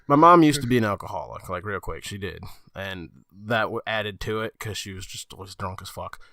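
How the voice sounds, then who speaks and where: Podcast guy with a low voice, cursing a lot, dry close sound. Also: brisk, no room sound. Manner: swears freely, animated storyteller. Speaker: podcast co-host. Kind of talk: casual chat, telling a story.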